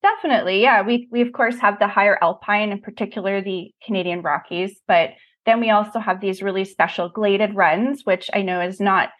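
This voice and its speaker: An enthusiastic woman speaking as a podcast guest. Her voice sits at an ordinary middle pitch. She talks in a casual, upbeat and friendly way. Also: steady tone, fairly quick, hardly any pauses, lo-fi sound. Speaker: guest, ski resort expert. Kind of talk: casual interview chat.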